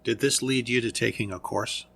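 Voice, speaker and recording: A man's voice: medium pitch, fairly even intonation, normal speed, vocal fry, a bit bright, husky. A man hosting a podcast, asking questions in an admiring, conversational way. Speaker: podcast host. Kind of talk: interview questions.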